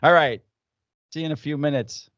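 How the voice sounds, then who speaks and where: A man's voice: a little high, a little fast, fairly bright tone, no room sound, muffled recording. A man co-hosting a podcast, chatting loosely and swearing through easygoing banter. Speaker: podcast co-host. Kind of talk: casual chat. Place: at home, recording remotely.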